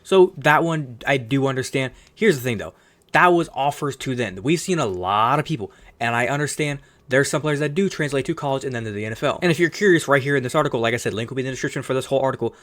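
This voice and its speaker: A man hosting a casual sports opinion video, arguing heatedly with plenty of profanity and quick self-corrections. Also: medium pitch, lively intonation, fairly bright tone. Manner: rapid-fire, self-correcting delivery. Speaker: sports commentary host.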